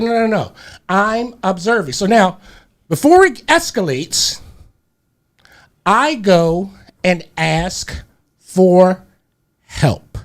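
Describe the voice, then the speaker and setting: Animated slangy male radio host. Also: high-pitched, takes it slowly, long pauses. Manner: animated storyteller, slangy and emphatic; restarts and repeats words when heated. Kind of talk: casual radio talk.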